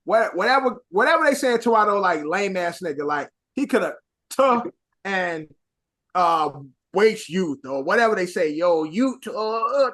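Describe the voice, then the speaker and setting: Animated man from Chicago, casual podcast banter. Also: high voice, a little slow. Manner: animated, swings into loud mock voices. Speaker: podcast co-host. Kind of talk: casual chat.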